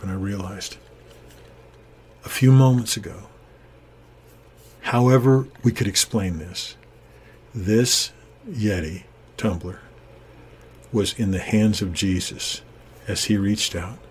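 An older man, a Christian minister, telling a personal testimony in an earnest, animated way and acting out the people he quotes, recorded in a home studio on a desktop microphone. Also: deep voice, unhurried, pauses often, slight background noise. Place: home studio with green screen. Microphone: desktop USB studio microphone.

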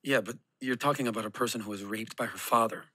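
A man's voice: fairly low pitch, quick pace, pushed and bright. A man on a podcast, arguing bluntly and skeptically. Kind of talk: podcast discussion.

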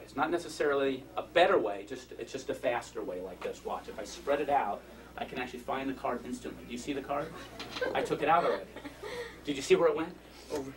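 A man doing comic magic patter on stage, joking and chatting with the audience in self-mocking asides. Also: medium pitch. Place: stage before a live audience. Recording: distant mic, loud crowd and noise. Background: loud audience noise.

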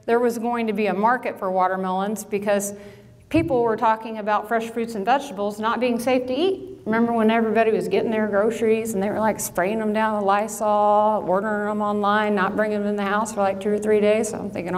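A middle-aged woman from Illinois who runs a farm business, telling a story to an audience with lively acted-out quotes and self-mocking asides. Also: medium pitch, brisk. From Illinois, USA. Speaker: farm business owner and speaker. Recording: long hall reverb.

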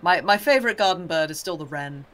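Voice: medium pitch, animated, fairly bright tone, soft background music. A British co-host in casual livestream chat, rambling and opinionated and acting out little asides. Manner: rambling, opinionated, acts out birds in quick asides.

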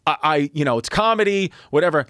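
A man in his thirties, a comedian and podcast guest, telling a story in casual chat, animated and profane, acting out other people's lines as he goes. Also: on the high side, fast talker, no room sound, clean studio sound. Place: podcast studio.

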